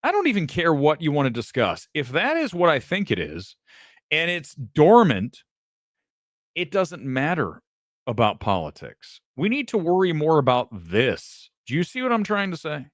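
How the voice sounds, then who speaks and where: A man hosting a casual live commentary show, animated and profane, jumping from topic to topic. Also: a little high, moderate pace, no echo, studio quality. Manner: animated, swearing, jumps between topics. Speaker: host.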